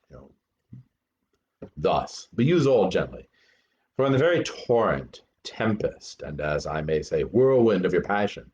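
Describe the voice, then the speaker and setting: A man reading a play aloud as Hamlet, an earnest young prince lecturing actors, with animated, deliberate verse delivery. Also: low voice. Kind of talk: amateur dramatic reading. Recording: dull lo-fi recording.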